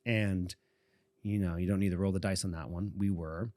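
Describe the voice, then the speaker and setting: Here a low, dark, steady voice carries a casual story at normal speed. He's a Boston man in his forties co-hosting a podcast, wandering through a long personal anecdote with frequent chuckles, captured dry in studio quality.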